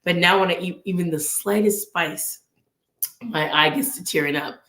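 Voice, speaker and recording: A woman's voice: lowish voice, moderate pace, a bit bright. Earnest woman in a roomy echo. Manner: earnest, acts out inner dialogue. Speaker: vlog host. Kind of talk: casual faith chat.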